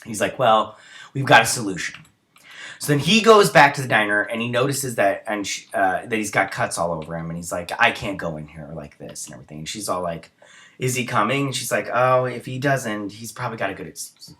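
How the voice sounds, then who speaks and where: Reviewing an episode casually, this young man walks through every scene in a loose, rambling way full of fillers like um and uh. His voice is fairly low yet bright and forward, his pace brisk and animated, and he sounds slightly tired from the early hour.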